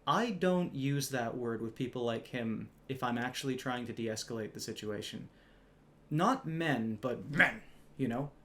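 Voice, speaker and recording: A man's voice: medium pitch, moderate pace, few pauses, slight background noise. Man, casual storytelling, wry, conversational, slightly smug, casual swearing. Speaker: retail store clerk telling a story.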